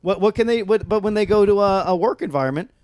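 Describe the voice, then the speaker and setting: Man, podcast co-host, provocative jokes, bouncy lively pitch, fairly high voice. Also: quick pace, no room sound, clean studio sound. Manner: provocative, joking interviewer. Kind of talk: casual comedy banter.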